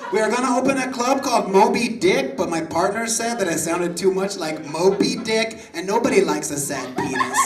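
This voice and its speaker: A man's voice: high voice, distant mic. A male comedian doing a flamboyant, campy nightclub-owner bit in a comic debate at a pub. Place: pub stage with a live audience. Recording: roomy live recording from off-mic, audience noise.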